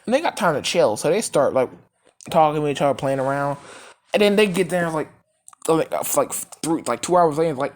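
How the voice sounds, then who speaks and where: Low-pitched woman narrator, loose and rambling, curses freely, casual fan storyteller. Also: animated, brisk, darkish tone. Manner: rambling, filler-heavy, cursing, laughing.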